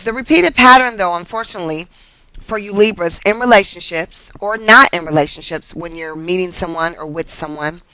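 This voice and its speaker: A woman's voice: medium pitch, sharp tone, no room sound, low-quality recording. A woman giving a casual tarot reading to her viewers, talking in a mid-range voice. She is chatty and profane, laughs often and drifts off on tangents. The recording is close and dry. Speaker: tarot card reader.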